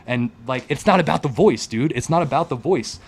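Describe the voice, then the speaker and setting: A man's voice: a little high, expressive, fairly quick, creaky, breathy edge. A man streaming casual commentary, rambling and mocking, with many restarts and asides.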